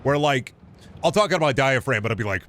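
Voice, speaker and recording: A man's voice: mid-range voice, lively intonation, quick pace, fairly bright tone. A young man casually commenting on a game stream, rambling, jokey and profane. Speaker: gaming streamer.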